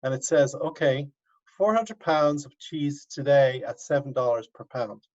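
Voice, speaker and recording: A man's voice: medium pitch, lively intonation, a little slow, darkish tone. A male university professor teaching an online class, coaxing students step by step over a video call. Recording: dull lo-fi video call audio.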